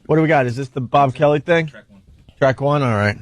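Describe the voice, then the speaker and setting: A man from St. Louis hosting a radio show, sardonic and quick to laugh. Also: mid-range voice. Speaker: radio host. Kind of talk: casual radio banter. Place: radio studio.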